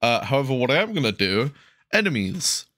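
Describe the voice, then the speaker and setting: A man's voice: mid-range voice, big pitch swings, a little fast, a bit bright, dry recording, studio quality. A man giving casual, rambling game commentary, mocking himself and swearing freely. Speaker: gaming channel host.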